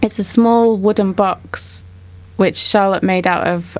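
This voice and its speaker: A woman leading a casual art discussion, a mother, describing artworks slowly and thoughtfully. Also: medium pitch, fairly even intonation. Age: adult mother. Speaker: discussion moderator.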